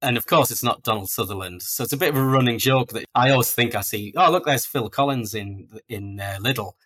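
A man's voice: mid-range voice, fast, a bit bright. A man, chatting about his life in a casual podcast interview in a chatty, self-deprecating storytelling way. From North East England. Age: 40s. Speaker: guest author.

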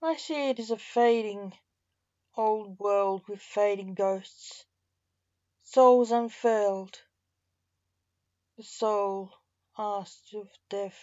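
Slow, measured woman storyteller. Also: medium pitch, a little mellow, no echo, muffled recording. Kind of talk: scripted narration.

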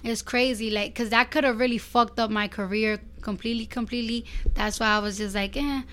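A woman's voice: on the high side, brisk. A woman in her twenties with a Bronx New York accent, a guest talking bluntly and profanely in a casual interview. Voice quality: blunt and profane, animated storytelling. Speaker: guest rapper.

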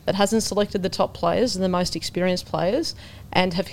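A woman's voice: on the low side, normal speed, creaky, a little hiss or hum. A woman on a sports panel, making her point with conviction and energy. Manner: animated, argues with conviction. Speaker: panelist, former player. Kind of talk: casual panel chat.

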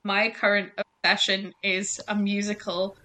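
A young woman on a podcast with a bright, forward voice. She explains things to her friends in an eager, enthusiastic way. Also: mid-range voice, little pitch movement, normal speed. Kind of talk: casual chat.

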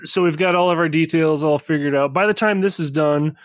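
A man's voice: a little high, fairly quick, dry recording. A man in casual tabletop game chat, explaining the setup and rules in a loose, rambling way. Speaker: player guiding the game setup.

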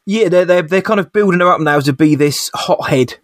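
A man's voice: high voice, a little fast, dry recording, clean studio sound. A young man chatting casually as a podcast co-host, thoughtful and hesitant, often restarting his sentences. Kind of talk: casual chat reviewing a TV episode.

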